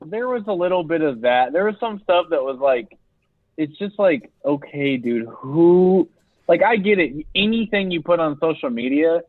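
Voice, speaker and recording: A man's voice: on the high side, animated, normal speed, no echo. A young man co-hosting a casual podcast, telling rambling stories and laughing as he talks. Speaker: podcast co-host. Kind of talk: casual chat. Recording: dry, tinny phone-like sound.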